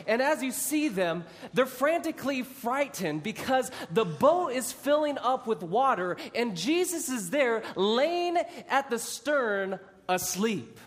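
A man delivers a sermon in a high, lively voice. He tells a Bible story in an animated way. His voice rings with a long echo in a large hall. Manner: animated storytelling with dramatic shouted re-enactments. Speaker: preacher.

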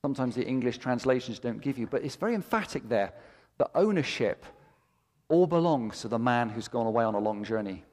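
A man's voice: mid-range voice, lively intonation, brisk, darkish tone. A middle-aged male pastor preaching a sermon with impassioned, emphatic delivery and repeated phrases that build to peaks. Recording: long hall reverb.

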